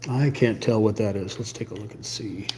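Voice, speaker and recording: A man giving casual running commentary while painting on a live stream. He mutters quietly to himself and thinks aloud as he works. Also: on the low side, normal speed, a little hiss or hum.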